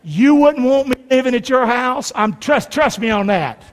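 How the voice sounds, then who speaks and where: A very high-pitched middle-aged pastor delivers his sermon at normal speed with lively intonation. Folksy and emphatic, he pulls the congregation into call and response, his words carried by the long reverb of the church sanctuary.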